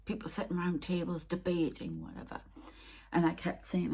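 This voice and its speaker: A woman's voice: fairly low pitch, very animated, fairly quick, gravelly, warm tone, slightly rough. A woman who works as a spiritual medium, rambling in an emotional, upset way as she talks on her vlog and often dropping to a near whisper. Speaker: spiritual medium and channel host. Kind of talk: casual spiritual vlog talk.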